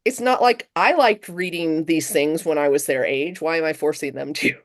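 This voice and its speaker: A middle-aged woman professor speaks in an interview with a slightly low voice. She is animated and expressive, leaping up in pitch to act out quoted lines. The sound is close and dry, with no room around it. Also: normal speed, no echo. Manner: animated, acts out quotes with big pitch jumps. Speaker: guest professor. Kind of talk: casual interview chat.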